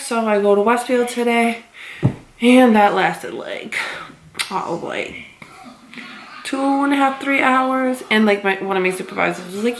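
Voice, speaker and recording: A woman's voice: medium pitch, moderate pace, echoey room, a little hiss or hum. A young woman from Massachusetts chatting casually in her home kitchen, rambling through a story with lots of fillers. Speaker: vlogger. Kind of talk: casual vlog chat.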